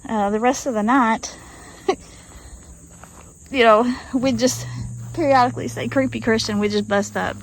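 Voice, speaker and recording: A woman from Arkansas with a fairly high voice and fairly even intonation tells her viewers a story slowly, pausing often, in a folksy drawl full of y'all. It's a rough recording made outdoors in rural woods, with crickets, insects and faint outdoor noise.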